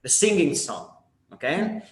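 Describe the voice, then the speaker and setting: A man's voice: a little high, very animated, measured pace, slight background noise. A man co-teaching a workshop, explaining in a conversational way with fillers. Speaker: workshop instructor. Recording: echoey room.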